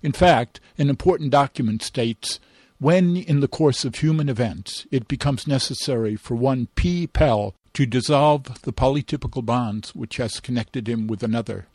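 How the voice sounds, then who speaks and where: A man's voice: mid-range voice, moderate pace, darkish tone, slightly rough, no echo, studio quality. A man doing a polite robot servant. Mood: consoling. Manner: formal, dutiful, punning.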